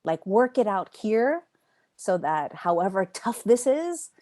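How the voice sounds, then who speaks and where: A woman's voice: medium pitch, big pitch swings, slow pace, dark tone. A woman teaching a live online yoga training class. She talks in an emphatic, chatty way, repeats phrases for effect and answers students' typed questions by name.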